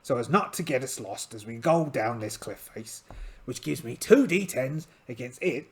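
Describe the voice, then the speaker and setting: Gravelly man, chatty and rambling. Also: mid-range voice, animated, moderate pace. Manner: chatty, rambling, self-deprecating. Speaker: solo game player and channel host. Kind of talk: playing a solo tabletop game aloud.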